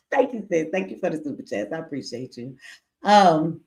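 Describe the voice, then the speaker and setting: A woman's voice: deep voice, very animated, unhurried, darkish tone. Woman host, tired and blunt, casual livestream talk, teasing, reads viewer comments aloud. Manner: blunt, candid, joking, reads super chats aloud.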